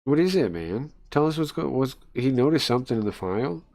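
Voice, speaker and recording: A man casually commenting while he plays and reads through a story game, chatty and easily excited, thinking aloud with many pauses. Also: medium pitch, creaky. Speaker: streamer playing and reading a story game. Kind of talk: casual live-stream commentary.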